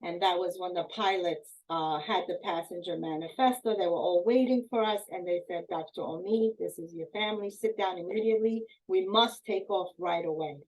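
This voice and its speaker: A woman's voice: lowish voice, normal speed, few pauses, rough recording. A middle-aged woman from Iran, an author telling a personal story at a book talk and acting out the people she quotes. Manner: animated retelling, voicing quoted people.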